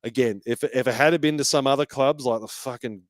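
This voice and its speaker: Swearing bloke on a podcast. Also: male voice, mid-range voice, brisk, no room sound. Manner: emotional, swears freely, many restarts. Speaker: podcast host. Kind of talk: casual fan podcast chat.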